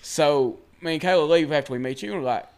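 Fast-talking man, higher voice. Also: a little mellow, clear, resonant tone. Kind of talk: casual chat.

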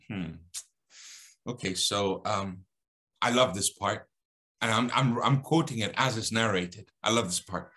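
A man tells a religious story to a listener. His tone is bright and forceful, and he swings his pitch when he acts out the characters' lines. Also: measured pace, pauses often. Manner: dramatic, acts out dialogue with shifting pitch.

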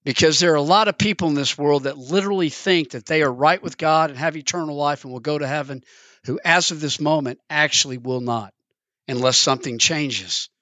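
A man's voice: brisk, a bit bright, no echo. A man preaching a sermon, telling a parable in an earnest storytelling manner. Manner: earnest, storytelling, acts out the characters in pitch.

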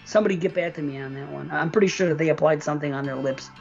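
A podcast co-host reviewing a horror film in casual, animated chat, cursing and laughing often. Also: mid-range voice, very fast, vocal fry, highs cut off, soft background music.

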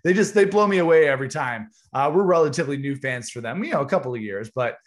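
Podcast co-host, adult man, mid pitch, easygoing, enthusiastic music fan. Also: lively intonation, fast talker. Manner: enthusiastic, joking. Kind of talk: casual chat.

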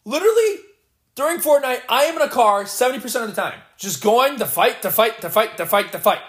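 A man giving live gameplay commentary, excitable and playfully boastful as he trash-talks. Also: extremely high pitch, a little fast, reverberant. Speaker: gamer.

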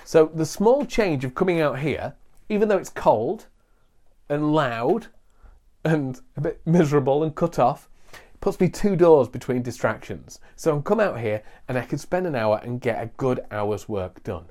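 A man's voice: a little high, lively intonation, normal speed, a little mellow. Chatty, self-mocking man. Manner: chatty, self-deprecating, jokey asides. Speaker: content marketing coach. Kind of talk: casual talking-to-camera vlog. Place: small outbuilding away from the house.

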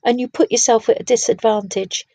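A woman voicing a kind but brisk male companion who gently corrects a friend, in a storybook reading. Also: a little high, fairly even intonation, creaky, no room sound.

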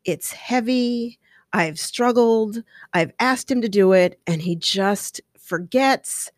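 A middle-aged woman hosting a podcast, giving casual advice in a chatty, animated way and acting out little scenes. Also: on the high side, takes it slowly, no echo, studio quality. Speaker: podcast host.

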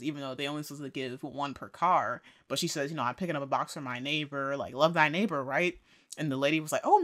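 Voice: medium pitch, pushed and bright. A podcast co-host casually recapping a TV episode, quoting the characters and laughing often.

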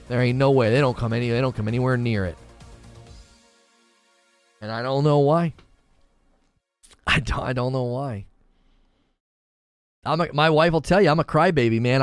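Earnest man chatting over faint music. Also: mid-range voice. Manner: earnest, openly emotional, repeats himself. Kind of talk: casual chat.

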